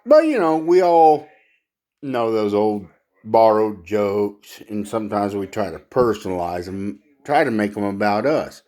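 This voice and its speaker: Low-voiced man doing halting stand-up. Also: sing-song, mellow. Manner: halting, laughs at his own jokes. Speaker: stand-up comedian. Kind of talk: stand-up comedy.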